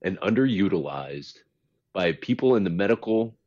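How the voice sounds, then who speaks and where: A man's voice: deep voice, expressive, normal speed, a little mellow, lo-fi sound. A man co-hosting a podcast, talking casually but with impassioned, pleading emphasis. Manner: impassioned, pleading, repeats himself. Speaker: podcast co-host. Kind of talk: casual chat.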